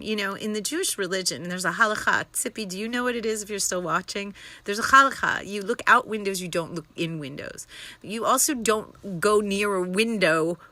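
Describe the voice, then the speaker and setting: A young woman vlogging casually from her apartment, excitable and rambling, often restarting her sentences. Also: lowish voice, no room sound. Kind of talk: casual daily vlog. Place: her apartment in Tel Aviv.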